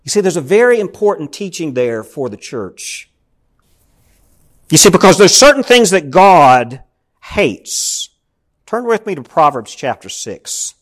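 A man's voice: on the high side, very animated, a little slow. A male pastor preaching a sermon in a church, telling stories and calling out to the congregation. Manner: storytelling, calls out to the congregation.

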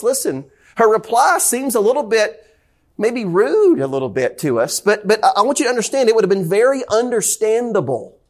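High-voiced Southern man preaching a sermon. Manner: conversational, repeats questions to the congregation. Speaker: pastor. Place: church sanctuary.

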